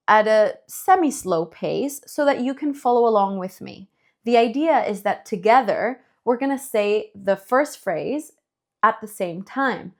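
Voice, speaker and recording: A woman from Spain with a Spanish accent, teaching English pronunciation, stretching words out slowly to model them. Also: a little high. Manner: slow drawn-out modeling of words, then quick explanations. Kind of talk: bilingual language lesson.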